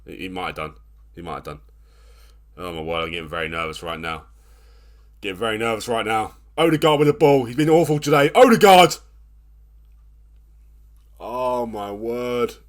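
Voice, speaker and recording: A man in his thirties commentating his own football management game, swinging between nervous groans and excited shouts. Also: medium pitch. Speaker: gaming channel host. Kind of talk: let's play commentary.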